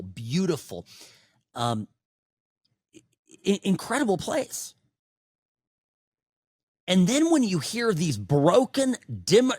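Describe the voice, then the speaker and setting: A middle-aged man hosting a talk radio show, delivering an opinionated, sarcastic monologue that swings between loud outbursts and hushed asides. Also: fairly high pitch, husky, dry recording, studio quality.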